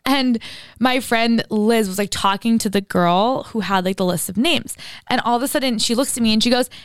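Bubbly high-voiced young woman, smooth and close. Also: moderate pace, dry recording. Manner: chatty, lots of "like" and "literally", animated storytelling. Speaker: podcast co-host. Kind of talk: casual chat.

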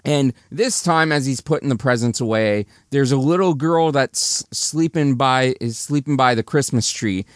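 A man giving a chatty, animated recap of a movie's plot, restarting sentences as he goes. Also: medium pitch, moderate pace, hardly any pauses, dry recording, studio quality.

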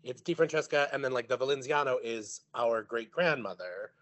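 Speaking at a moderate pace in a medium-pitched voice, a man with Sicilian family roots guests on a podcast. He's an animated storyteller who shares family anecdotes, acts out what others said, and laughs frequently.

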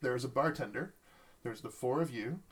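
A man runs a tabletop game as game master, describing characters and action. He talks haltingly with lots of fillers and restarts, at a middling pitch. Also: a bit bright, breathy edge.

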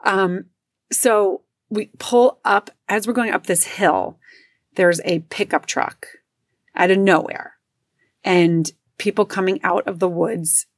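Slow and medium-pitched, a middle-aged woman casually recounts a personal story on a dry recording. She chatters along with plenty of fillers and performs quoted lines in raised voices.

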